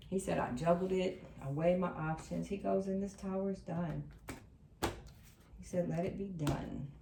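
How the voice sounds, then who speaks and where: A woman reading tarot cards for her viewers, repeating the messages she channels with emphatic, animated delivery. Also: lowish voice, gravelly, a little hiss or hum. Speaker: tarot reader. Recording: echoey room, a bit distant from the mic.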